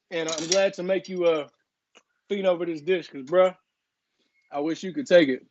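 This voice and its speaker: A man's voice: a little high, steady tone, normal speed, long pauses, darkish tone, a little hiss or hum. A man hosting a live cooking stream, chatting casually, tasting on camera and playfully apologizing to viewers. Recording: dry, dull lo-fi live stream audio.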